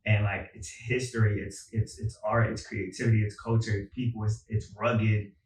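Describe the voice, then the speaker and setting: A man from Philadelphia, a podcast guest, talking in a relaxed, casual storytelling way with plenty of filler words. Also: on the low side, moderate pace, a little hiss or hum. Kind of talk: casual conversation. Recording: roomy sound from a distance.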